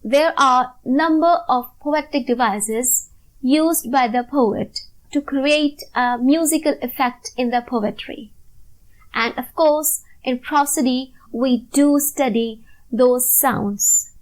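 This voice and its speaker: Woman teacher doing a slide lecture, high voice, really slow and careful. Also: poor audio. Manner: slow and deliberate, stressing syllables one by one. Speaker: literature teacher. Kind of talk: recorded lecture over slides.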